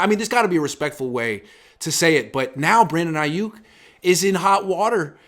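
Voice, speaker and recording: On a casual sports talk show, the host, a man in his thirties, keeps a brisk pace with a somewhat high voice, animatedly acting out quotes in swinging voices.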